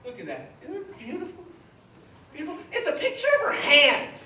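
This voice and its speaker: A man performing a stand-up comedy set in a theater, deadpan with sudden loud outbursts. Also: very high voice, brisk, distant mic. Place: theater stage with live audience. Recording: echoey theater heard from afar, audience noise.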